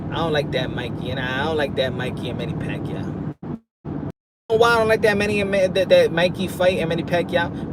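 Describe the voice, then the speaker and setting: A man from New City, rambling casually to his viewers on a live stream from his car. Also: a little high. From New York City. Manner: rambling and animated, talks straight to viewers. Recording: loud car and street noise.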